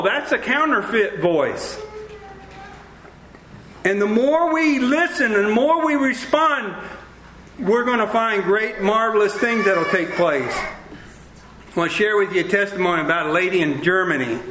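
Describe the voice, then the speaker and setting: A man preaching a sermon, telling lively stories with acted-out dialogue. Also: sits high, normal speed, slight background noise. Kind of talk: sermon with storytelling. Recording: roomy echo.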